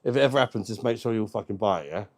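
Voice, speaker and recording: A man's voice: lowish voice, fast, darkish tone. A man hosting a casual livestream, reading out viewer comments and bantering cheekily. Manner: cheeky, banters and swears freely. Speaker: beer review livestream host.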